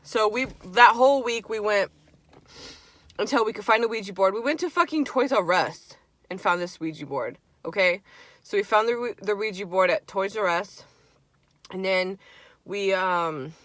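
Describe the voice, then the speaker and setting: A woman's voice: mid-range voice, normal speed, a bit bright, dry recording. A young woman vlogger chats through a story while she eats, loose and profane. She acts out her friends' lines with plenty of animation. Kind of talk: casual storytime while eating.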